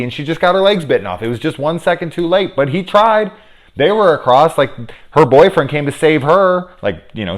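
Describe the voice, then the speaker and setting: A man giving a casual spoiler review of a movie, rambling and profane, with lots of fillers. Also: mid-range voice.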